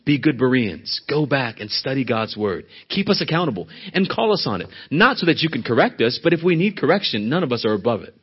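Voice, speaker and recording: A man's voice: mid-range voice, big pitch swings, a little fast, hardly any pauses, breathy edge, dull audio. A man preaching a sermon as a church elder, pressing hard on key words and then dropping to a near whisper. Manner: emphatic, rising to loud stresses then dropping to a soft hush.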